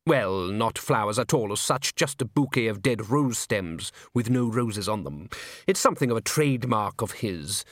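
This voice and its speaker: A man's voice: fairly low pitch, expressive, a bit bright, no echo, studio quality. A man voicing a snooty male music director who speaks with pained, superior patience. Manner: superior, drawn-out.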